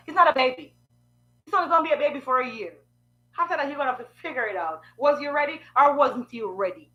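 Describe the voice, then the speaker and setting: A woman gives blunt life advice in a sassy, preachy way. Her voice sits high and sounds bright and sharp. She keeps firing rhetorical questions at her listeners. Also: lively intonation, quick pace. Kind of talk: frank advice monologue.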